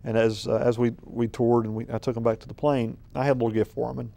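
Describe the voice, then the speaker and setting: Mellow-voiced city manager rambling. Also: male voice, mid-range voice, little pitch movement, fast talker, gravelly. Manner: rambling, filler-heavy, folksy storytelling. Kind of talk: conversational interview.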